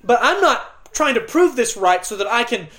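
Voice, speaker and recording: A middle-aged pastor delivering an expository sermon, earnest and emphatic, with dramatic pauses and occasional restarts. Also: male voice, very high voice, big pitch swings, pushed and bright.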